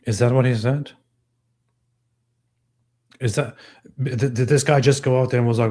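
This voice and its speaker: A male host on a live stream with a mellow, relaxed voice. He talks sarcastically and keeps asking questions in disbelief. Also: medium pitch, moderate pace, long pauses. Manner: sarcastic, incredulous.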